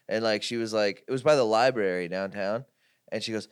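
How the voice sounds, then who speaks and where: A man hosting a podcast, telling stories in a casual comedy chat with an animated manner. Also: lowish voice, a little fast, clear, resonant tone, dry recording, clean studio sound. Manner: animated storyteller. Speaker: podcast host.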